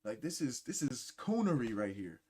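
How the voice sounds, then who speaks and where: A man's voice: mid-range voice, big pitch swings, moderate pace, a little mellow, breathy edge. A man hosting a reaction show, ranting bluntly and mocking what he watches. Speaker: podcast host reacting to clips. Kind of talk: profane reaction commentary.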